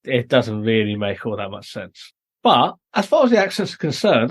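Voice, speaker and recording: British male podcast host, middle pitch, explanatory and chatty. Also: very animated, moderate pace, husky. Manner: explanatory, recapping plot at length. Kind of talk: casual review chat.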